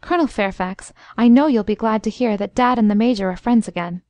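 A woman voicing a tactful, spirited young woman in a storybook reading, gentle and eager. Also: on the high side, a little fast, no room sound, natural voice. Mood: earnest.

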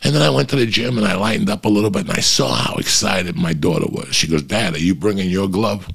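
Middle-aged male podcast host, deep and husky, profane rambling storyteller. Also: fast. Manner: profane, rambling, animated anecdotes.

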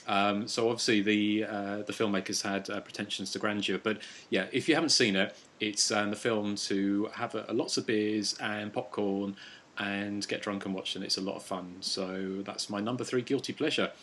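A man's voice: fairly low pitch, steady tone, normal speed, fairly bright tone, slight background noise. Rambling man hosting a podcast. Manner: rambling, chuckling, quotes films with mock moans. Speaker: podcast host. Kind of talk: casual podcast chat.

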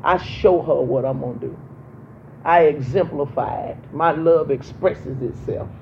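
A young woman pastor preaches to her congregation in call-and-response, hammering the same phrases again and again. The recording is muffled and a little lo-fi, with a faint hiss of background noise behind her. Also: sits low. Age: young adult. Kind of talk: preaching a sermon.

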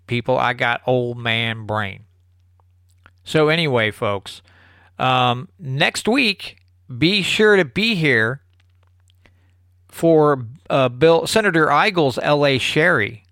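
A man's voice: mid-range voice, bright, forceful tone, smooth, no echo, clean studio sound. A man hosting his own live stream show, rambling through closing announcements with many fillers and restarts. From Missouri. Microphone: own microphone at a desk.

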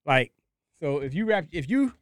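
A man's voice: a little high, very animated, normal speed, no echo, clean studio sound. A man co-hosting a podcast, bantering in a joking, slangy way. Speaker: podcast co-host. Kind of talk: casual chat.

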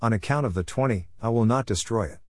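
A man reading the solemn, measured replies of a patient divine voice. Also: mid-range voice, no room sound, clean studio sound, lightly acted. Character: divine male voice, calm and patient.

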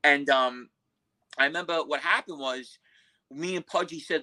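A man's voice: mid-range voice, steady tone, brisk, pushed and bright, poor audio. A man telling a crime story as a podcast guest, in blunt, profane street talk. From Queens, New York. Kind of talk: storytelling interview.

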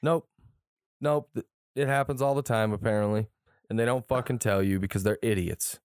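A young man co-hosting a casual podcast, telling a story in an animated, profane way. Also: on the low side, normal speed, clean tone, no echo, clean studio sound. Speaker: podcast co-host. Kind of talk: casual chat.

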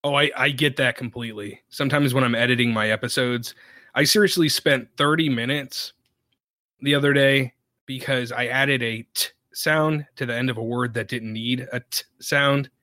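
Male podcaster, bright and forward, easygoing with fillers, dry mic. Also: medium pitch, normal speed, dry recording. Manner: relaxed, chatty, many fillers. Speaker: podcaster guest. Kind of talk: casual podcast chat.

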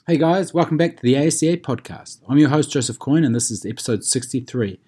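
A man with a husky voice hosts a podcast and rattles through sponsor lines and guest introductions at a brisk clip. His delivery is upbeat and chatty, pitched at a middle height. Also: warm tone. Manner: fast, upbeat, reads ad copy and guest bios. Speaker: podcast host.

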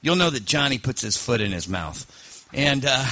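A man's voice: medium pitch, very animated, normal speed, sharp tone, no room sound. A man hosting a podcast, telling a personal story casually, rambling with fillers and restarts. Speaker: podcast host.

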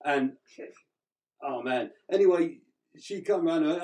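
A man's voice: fairly high pitch, normal speed, poor audio. A man with an English accent, co-hosting a radio show in casual chat, talking freely and laughing often. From England.

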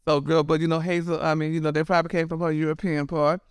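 Brief: high-pitched, smooth-voiced male gossip host, sassy and dramatic, dry close sound. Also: little pitch movement, quick pace, no echo. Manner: sassy, dramatic, keeps saying honey and girl. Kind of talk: casual gossip commentary.

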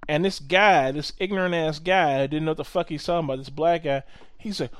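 A man's voice: on the high side, steady tone, brisk, hardly any pauses, smooth, no room sound. Profane, ranting man on a podcast. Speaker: podcast co-host. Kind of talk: casual chat.

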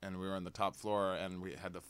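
A man guest telling stories in a casual studio chat, animated. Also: deep voice, fast talker, smooth. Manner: animated storyteller.

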